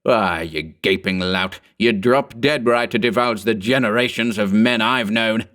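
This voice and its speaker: Ageless male sorcerer, high archaic cackle, contemptuous raver, done by a male narrator. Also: animated, moderate pace, lightly acted. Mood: mocking. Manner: ranting, contemptuous.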